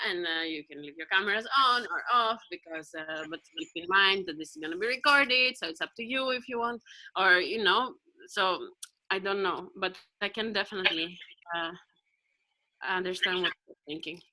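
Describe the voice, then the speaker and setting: A woman's voice: mid-range voice, normal speed, bright, forceful tone, rough recording. A woman performing an improvised spoken piece over a video call, musing, rambling and asking questions aloud.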